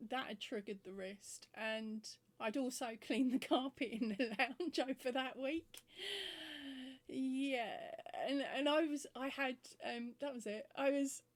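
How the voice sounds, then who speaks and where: A woman vlogging about crochet, telling a funny home story in a chatty, giggly way and acting out both sides of the conversations. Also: a little high.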